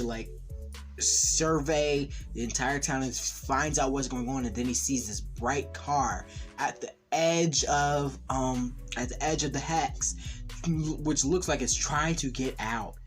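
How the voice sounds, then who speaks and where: A man casually recapping and reviewing a TV episode, rambling with lots of "like" and excited fan enthusiasm. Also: medium pitch. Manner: rambling, heavy use of "like". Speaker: TV series reviewer.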